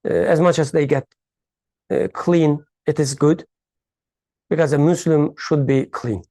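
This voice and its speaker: A speaker in a faith study circle who explains a hadith in a halting, reflective way, searching for words and using uneven English grammar. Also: medium pitch, steady tone, warm tone, dry recording.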